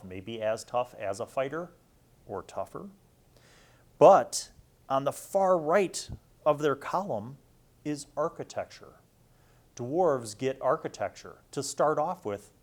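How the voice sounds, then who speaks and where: A man's voice: mid-range voice, a little mellow. A man gives loose, joking commentary while reading through rules. He is irreverent and swears now and then, and his voice sits in an ordinary middle range. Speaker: host. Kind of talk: casual commentary on a rulebook.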